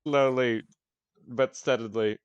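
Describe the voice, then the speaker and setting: A man's voice: mid-range voice, steady tone, slow, clear, resonant tone, dry recording, dull audio. A man narrating casually as game master of a tabletop game, often swearing.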